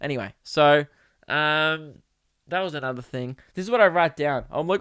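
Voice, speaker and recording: A young man from Australia rambling through a casual comedic podcast monologue, animated and swearing freely. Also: a little high, normal speed, smooth, no room sound, studio quality. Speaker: podcast host. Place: home podcast setup.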